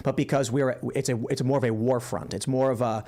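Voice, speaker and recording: A man's voice: medium pitch, steady tone, a little fast, darkish tone. A man in a heated political debate who argues insistently and presses his opponent with yes-or-no questions.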